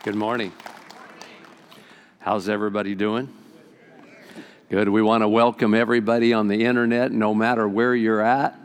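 An older man preaching a sermon as pastor, folksy and animated as he tells stories to his congregation. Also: fairly low pitch, moderate pace, pauses often, clear, resonant tone, in a large hall, a faint crowd.

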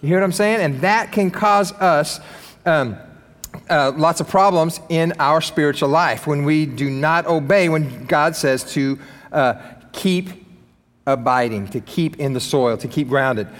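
A man preaching a sermon as pastor, animated and emphatic, with joking asides. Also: on the high side, measured pace, big-room sound.

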